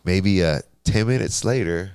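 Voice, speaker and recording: Deep-voiced man telling his story. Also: a little slow, a little mellow, clean tone, no echo. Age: 40s. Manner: candid, swears freely, rambling with restarts. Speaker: podcast guest. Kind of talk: casual storytelling conversation.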